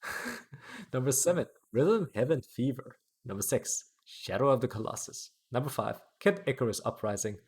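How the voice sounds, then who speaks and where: A man's voice: medium pitch, moderate pace, slightly rough. A man hosting a casual podcast, chatting loosely with fillers and frequent laughter. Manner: laughing, lively, rambling with fillers. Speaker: podcast host.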